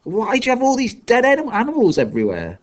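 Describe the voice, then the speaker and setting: A wild, confused young boy with a hoarse, wheezing voice and bold defiance, as a male reader puts him on. He sits a little higher than a man's voice in a storybook reading. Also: sing-song, normal speed, dull audio. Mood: defiant.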